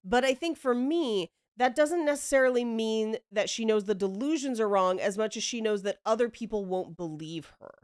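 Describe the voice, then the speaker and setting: A woman's voice: on the high side, normal speed, hardly any pauses, clean tone, dry recording, studio quality. A young woman hosting a podcast, casually telling a story, acting out quotes and laughing often. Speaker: podcast host.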